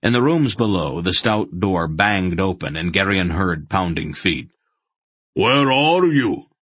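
A man narrating a fantasy audiobook in a dramatic, measured storytelling manner. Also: sits low, fairly bright tone, breathy edge, no echo.

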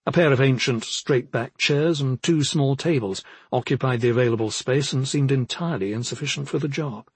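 A man narrates an audiobook steadily and evenly at normal speed, with few pauses. His medium-pitched voice is slightly husky, and the sound is dry and close, with no room echo.

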